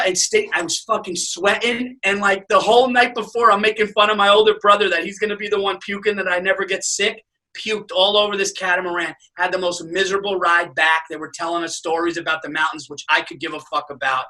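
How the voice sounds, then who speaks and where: Guy telling a story on a podcast, kinda high bright voice, mic a bit far off, swears a lot. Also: brisk. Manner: animated storyteller, profane, acts out quotes. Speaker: podcast guest. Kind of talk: storytelling in casual chat.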